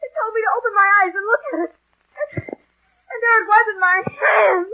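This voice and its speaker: A woman's voice: very high-pitched, vocal fry, dull audio. A terrified young woman in old radio. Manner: breathless, halting, near tears. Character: frightened young woman haunted by nightmares. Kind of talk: 1940s radio acting.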